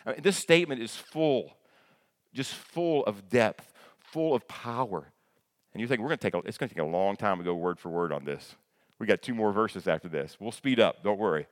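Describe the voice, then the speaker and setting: A man's voice: on the low side, expressive, normal speed. A male pastor preaching a sermon in a conversational way, repeating his words as he goes and asking the congregation questions. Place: church sanctuary. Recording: long hall reverb.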